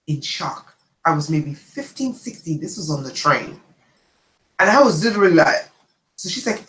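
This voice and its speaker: A woman's voice: sits low, normal speed, echoey room, low-quality recording. A woman host telling a personal story in a casual livestream chat, often checking in with her listeners. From immigrant to the United States. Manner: chatty, animated, checks in with "okay?". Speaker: channel host.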